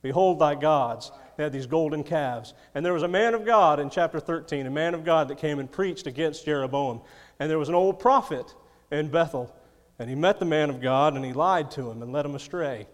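A man's voice: fairly high pitch, fairly quick, long reverb tail. A man preaching a sermon, reading scripture and adding folksy, chuckling asides. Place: church.

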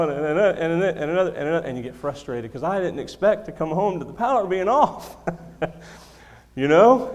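A man preaching a sermon to his congregation into a microphone, emphatic, repeating key lines, with self-deprecating humor. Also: a little high. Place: church sanctuary. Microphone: handheld or stand microphone. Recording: long hall reverb.

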